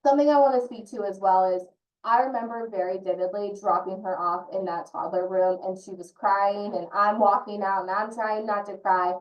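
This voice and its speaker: A woman's voice: medium pitch, fairly even intonation, moderate pace, lo-fi sound. A woman who works as an early childhood consultant, speaking earnestly and personally as a parent in an online training session. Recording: roomy echo from a distant mic.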